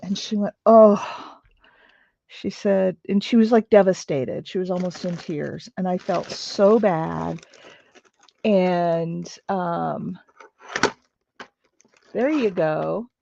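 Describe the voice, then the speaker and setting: A woman's voice: fairly low pitch, takes it slowly, creaky, pauses often, warm tone, muffled recording, a little hiss or hum. A middle-aged woman telling a story while she crafts on a livestream, chatty and rambling with lots of fillers and asides.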